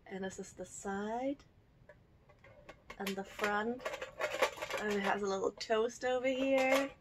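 A woman's voice: mid-range voice, takes it slowly, heavy background noise. A woman from Germany chatting casually as she unboxes a subscription box at home, cooing over the cute items and giggling often. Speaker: unboxing vlogger.

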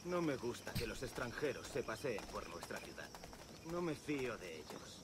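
An actor playing a suspicious guard who grumbles about outsiders. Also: male voice, medium pitch, very animated, brisk, lightly acted. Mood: grumbling. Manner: grumbling, distrustful. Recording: loud noisy background.

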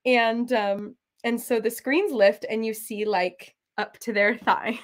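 An American woman in her thirties chats casually while stitching, her talk rambling and loose. She drifts from point to point with plenty of "like" and "um", slipping into quick giggles along the way. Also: on the high side, steady tone. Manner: rambling and giggly, full of "like" and "um", often trails into quick laughs. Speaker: cross-stitch designer and channel host.

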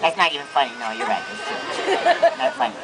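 A man's voice: on the high side, wildly swooping pitch, quick pace, creaky. A man working a street show crowd, with sarcastic, self-mocking comedy banter. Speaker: street performer. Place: outdoor street festival crowd. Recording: noisy outdoor crowd recording. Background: crowd and children.

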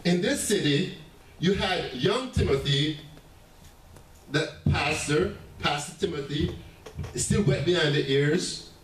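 A man preaching a sermon as pastor, animated, with laughing asides and stammering restarts. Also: a little high, slow, pauses often, slight background noise. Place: church sanctuary. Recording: echoey church room heard from a distance.

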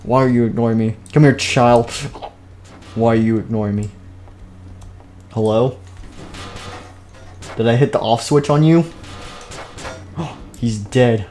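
A man's voice: on the low side, normal speed, long pauses, darkish tone. A man narrating a game live stream, jumping between plain storytelling and playful character voices.

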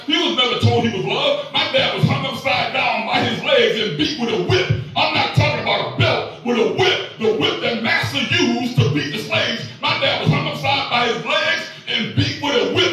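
A man in his fifties preaching a sermon, telling a personal story in a folksy, emphatic way with sudden shouts. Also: extremely high pitch. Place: large echoey church hall. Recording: echoey hall, voice from far off.

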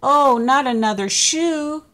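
A woman's voice: high-pitched, takes it slowly, a bit bright, voice pushed up. A woman voicing a forgetful little male spider who frets about his lost shoes, reading a storybook aloud. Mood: fretful. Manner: worried, fussing.

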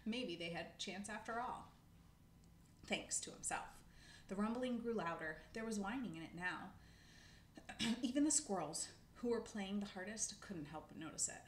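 A woman reading a children's book aloud with expressive storytelling. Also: medium pitch, a little slow, long pauses. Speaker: narrator. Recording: echoey room, faint noise.

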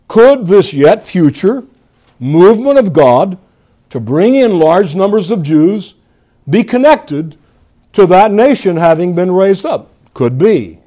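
A man, a pastor, preaching a sermon in a church, stressing single words and slowing down on key lines. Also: fairly high pitch, lo-fi sound.

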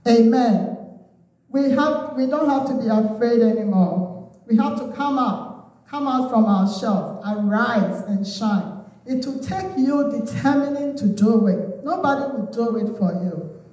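A woman's voice: a little high, expressive, unhurried, warm tone, dull audio. A woman from Ghana with a Ghanaian English accent, preaching a sermon and calling out Amens and Hallelujahs. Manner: exhorting, call-and-response with Amens and Hallelujahs. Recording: very echoey room, voice from far off.

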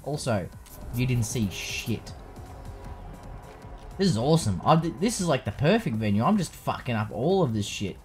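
A man's voice: medium pitch, quick pace, hardly any pauses, faint music behind. A young man casually commentating a video game playthrough, joking and swearing freely. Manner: profane, joking, animated. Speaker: let's play host.

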